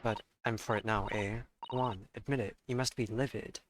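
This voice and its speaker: A man's voice: on the low side, steady tone, normal speed, noisy background, close to an everyday voice. A man doing a defiant street girl. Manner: slangy, defiant, tough. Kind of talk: reading game dialogue aloud. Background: loud game music.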